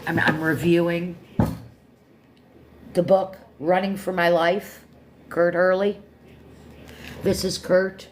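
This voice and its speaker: A woman's voice: lowish voice, flat delivery, takes it slowly, pauses often, slight background noise. A woman in her fifties hosting a livestream, talking casually in a meandering, chatty way full of asides and self-corrections. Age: 50s. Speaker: livestream host reviewing a book. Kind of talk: casual rambling chat.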